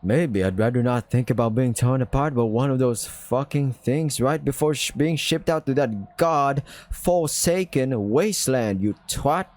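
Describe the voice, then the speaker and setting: A man voicing a crude, foul-mouthed young man in a visual novel, with a rough London British accent attempt. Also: mid-range voice, measured pace, few pauses, darkish tone, lightly acted. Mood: snapping. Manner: snappish, swearing.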